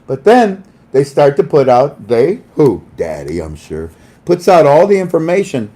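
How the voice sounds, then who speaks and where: An animated man hosts a casual monologue, his pitch swinging widely as he tells his story. His voice is mellow and dark. He laughs often and slips into acted-out voices. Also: a little slow. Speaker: host.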